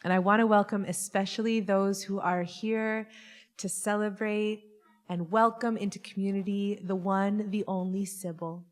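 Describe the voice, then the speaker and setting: A woman's voice: mid-range voice, flat delivery, normal speed, long reverb tail. A woman rabbi leading a Shabbat service, chatty and playful as she talks with the congregation. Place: synagogue sanctuary.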